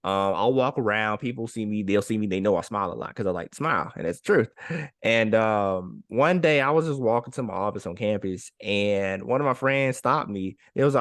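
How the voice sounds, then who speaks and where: A man's voice: medium pitch, a little fast, no room sound. Encouraging man on a dry mic. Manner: warm, encouraging, repeats phrases for emphasis. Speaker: podcast co-host. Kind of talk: casual heartfelt chat.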